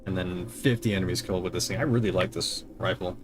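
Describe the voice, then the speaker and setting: Talking quickly over music, a man with a deep, fairly even voice chatters casually while livestreaming a game. He rambles, mocks himself, and mutters through settings and chat, recorded on a desk mic with headphones monitoring.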